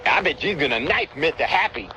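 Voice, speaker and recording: Brash New York wiseguy, put on by a man; high, fast, loud heckles. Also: expressive, highs cut off, noisy background, lightly acted. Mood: heckling. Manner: loud, rapid, crude interruptions. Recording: radio broadcast over a music bed.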